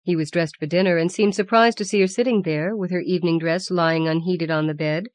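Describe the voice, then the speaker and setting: A woman reading a literary story aloud as an audiobook narrator, measured and even. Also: on the low side, dry recording. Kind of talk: scripted narration.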